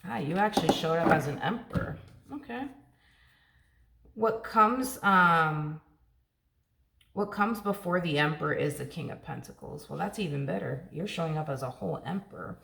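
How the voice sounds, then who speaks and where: Woman, low voice, chatty tarot reader, repeats herself, echoey room. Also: normal speed, vocal fry, a bit bright. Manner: chatty, repeats words, many fillers. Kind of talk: casual tarot reading.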